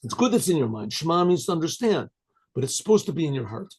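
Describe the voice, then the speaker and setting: Teaching Torah, an elderly rabbi renders Hebrew phrases in English, frequently stopping to ask "right?". His voice is a little high, sing-song, and slightly rough.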